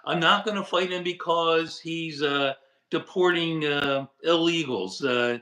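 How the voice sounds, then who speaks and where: A man's voice: fairly high pitch, a little slow, a crowd in the background. A man co-hosting a casual political chat, speaking hesitantly with many fillers and trailing off.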